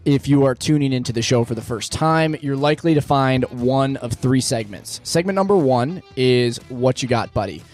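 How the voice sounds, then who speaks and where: A man hosting a casual podcast in a small studio, upbeat and jokey, talking in quick bursts. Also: medium pitch, animated, darkish tone, soft background music. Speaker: podcast host.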